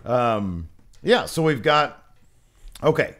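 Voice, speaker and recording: A man's voice: mid-range voice, lively intonation, takes it slowly, fairly bright tone. A man co-hosting a casual wrestling review podcast, loose and jokey, rambling with asides. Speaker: podcast co-host. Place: home podcast set.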